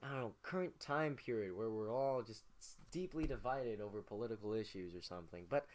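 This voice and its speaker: A man's voice: fairly low pitch, fairly quick. A man giving a rambling, profane, jokey casual recap of history, losing his place now and then. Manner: rambling, profane, jokey, slips into mock voices. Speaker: comedic history narrator.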